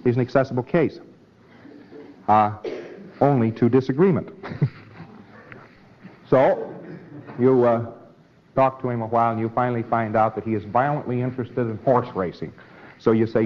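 A man's voice: mid-range voice, moderate pace, long pauses. A man lecturing in a conversational way, acting out both sides of short dialogues. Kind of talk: recorded lecture with acted dialogue. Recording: dull old lecture recording with faint hiss.

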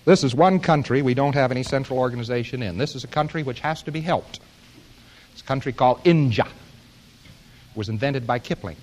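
A man's voice: mid-range voice, brisk, darkish tone. An American man giving an informal lecture to an audience, with a wry, joking, rambling delivery.

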